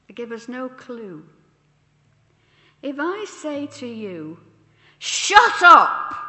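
Slow, deliberate woman preacher in an echoey hall. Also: on the high side. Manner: slow, deliberate, posing questions to listeners. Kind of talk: sermon. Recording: echoey church hall with long reverb.

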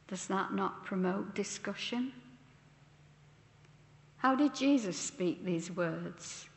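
A woman preaches in a measured, deliberate way, stopping to ask her listeners questions. She talks very slowly. Her voice rings through a roomy hall with a long reverb. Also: mid-range voice, very animated. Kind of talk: sermon.

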